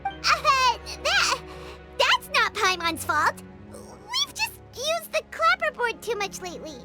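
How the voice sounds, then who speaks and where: A woman's voice: extremely high pitch, wildly swooping pitch, takes it slowly, over music, exaggerated voice. A woman voicing a chirpy little floating girl companion in a video game who talks about herself in the third person. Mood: chatty.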